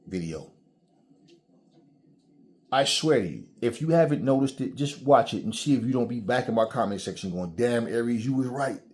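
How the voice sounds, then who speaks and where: A middle-aged man, the channel's host, ranting casually and profanely, acting out mock quotes as he tells his stories. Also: on the low side. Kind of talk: casual vlog rant.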